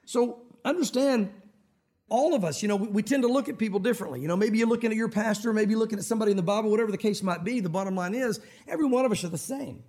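A man preaching a sermon as a pastor, animated and acting out Bible scenes. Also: high-pitched, very fast. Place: church sanctuary.

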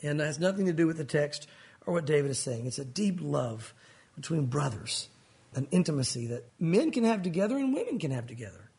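A man's voice: very animated, a little fast, a little mellow, breathy edge. A man preaching a sermon as a pastor, earnest and pleading, often rising and dropping his voice for emphasis. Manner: earnest, pleading, rises and falls in pitch for emphasis.

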